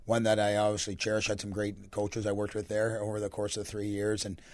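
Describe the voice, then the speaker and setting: A young Canadian man, a hockey coach with a deep, raspy voice, answering radio interview questions in a relaxed, rambling way. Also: fairly quick. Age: young adult. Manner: relaxed, rambling answers with many fillers and restarts.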